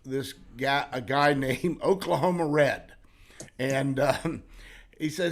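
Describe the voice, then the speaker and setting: Older man, podcast host, chatty storyteller, average pitch. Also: measured pace, creaky, a bit bright. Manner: storytelling, laughs often. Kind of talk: casual interview chat.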